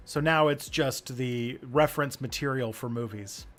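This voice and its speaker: A man hosting a casual chat, relaxed and hesitant, often laughing as he speaks. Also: mid-range voice, slow, faint music behind. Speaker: host.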